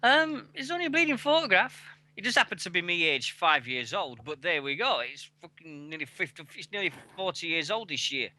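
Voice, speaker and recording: Speaking a little fast with few pauses, a forties-aged radio host from England sounds animated, a bit high, and sharp in tone. Over a headset mic he chats casually, rambling, cursing freely, and laughing at himself.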